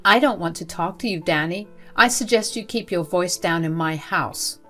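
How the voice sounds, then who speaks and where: A woman voicing a cold, spiteful older grandmother who runs a school, reading her lines in a sneering, dismissive way, with soft music behind. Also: fairly low pitch, normal speed. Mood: contemptuous.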